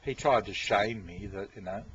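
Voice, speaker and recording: Speaking at normal speed in a lowish voice, a male vlogger delivers a casual, rambling monologue to his viewers, repeating himself and swearing. The recording is dull and lo-fi with faint noise.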